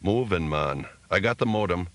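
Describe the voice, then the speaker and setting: A man voicing an easygoing tugboat pilot who drops casual slang. The voice stays deep and low, in an audiobook reading. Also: lively intonation, normal speed, fairly bright tone, no echo.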